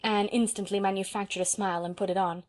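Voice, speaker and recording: A woman narrating a classic novel as an audiobook, in an expressive, measured storytelling manner. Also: mid-range voice. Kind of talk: scripted narration.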